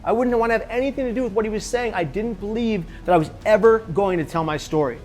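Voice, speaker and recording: A man with a slightly high voice tells a personal story straight to camera. He is animated and jumps into the voices of the people he quotes. Faint music plays underneath. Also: fast. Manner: animated, acts out other people's lines in the story. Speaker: suicide prevention speaker.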